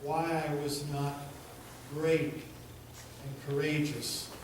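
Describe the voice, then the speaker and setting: A fearful, downcast rabbi who speaks quietly and timidly, as a man acts him out in a sermon. The voice sits back from the mic in a very echoey church. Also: on the high side, flat delivery, extremely slow, far from the mic, a little hiss or hum.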